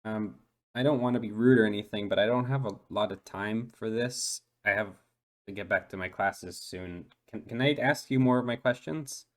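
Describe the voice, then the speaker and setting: Man doing a stammering young dolphin boy, low-ish voice, hesitant and earnest, tabletop role-play. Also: moderate pace, lightly acted. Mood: shy, earnest. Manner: hesitant, full of ums and restarts. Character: shy eight-year-old dolphin boy.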